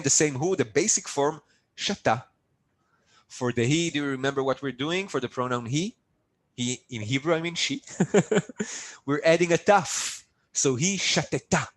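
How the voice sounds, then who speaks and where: A man's voice: medium pitch, fairly bright tone, rough recording. A man teaching a live online language lesson, upbeat and coaxing his students to repeat drills after him over a video call. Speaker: Hebrew teacher.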